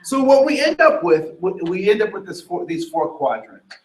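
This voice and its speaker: A man leading a workshop on cultural communication, animated, asking the room questions and acting out what people say. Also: high-pitched, normal speed. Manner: animated, asks the room questions, acts out quotes. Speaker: diversity trainer. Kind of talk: workshop lecture. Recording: echoey room, from a distance.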